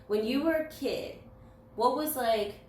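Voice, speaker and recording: A woman hosting a casual interview, hyped, playful and quick to joke. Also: sits high, a little mellow. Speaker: host. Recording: roomy echo, distant mic, faint noise.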